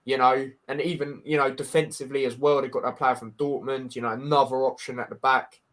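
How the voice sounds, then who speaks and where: Fairly quick and flat, with a mid-range, fairly bright tone, a Scouse man hosts a relaxed football podcast. His manner is frank and blunt, and he restarts a lot, repeats things and calls everyone "mate."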